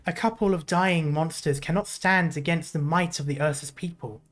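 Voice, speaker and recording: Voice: medium pitch, moderate pace, faint music behind, lightly acted. A streamer voicing a stern male emperor with a put-on British accent, reading a game story aloud in a solemn, formal way. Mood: grave.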